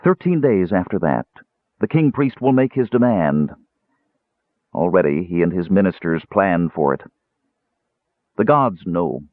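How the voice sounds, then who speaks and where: A man voicing a cold frail mage, brooding, measured, husky, thin tinny line. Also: low-pitched, no echo, exaggerated voice. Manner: measured, brooding, with sudden demanding edges. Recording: tinny phone-like band.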